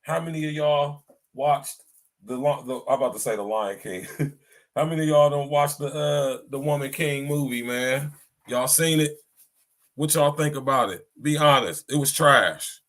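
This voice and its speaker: A man hosting a podcast in a blunt, casual way, full of slang and repeating himself. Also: medium pitch. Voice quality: blunt, slangy and repetitive, often adds "you hear me". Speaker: podcast host. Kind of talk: casual chat.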